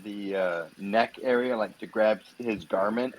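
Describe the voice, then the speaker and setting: A man plays a tabletop game, laying out his moves loosely with filler words. His voice sits on the low side. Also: measured pace, a little hiss or hum, poor audio. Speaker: player.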